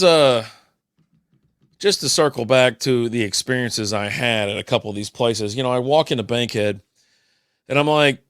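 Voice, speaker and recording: A man's voice: mid-range voice, no echo, studio quality. A man hosting a podcast, chatting casually over a beer and telling rambling, profane stories. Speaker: podcast host.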